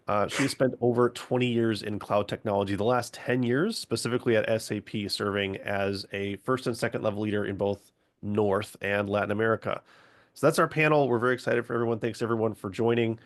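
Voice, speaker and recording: A man's voice: on the low side, steady tone, brisk. A man moderating a video-call webinar, giving upbeat scripted introductions with a few fillers.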